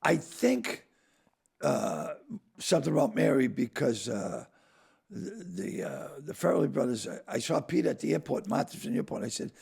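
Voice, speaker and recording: An older man, a comedian and actor guesting on a podcast, telling stories in a casual, animated way and acting out the voices he quotes. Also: on the high side, moderate pace. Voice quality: gravelly, raspy. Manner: animated raconteur who acts out quoted voices. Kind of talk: casual storytelling chat.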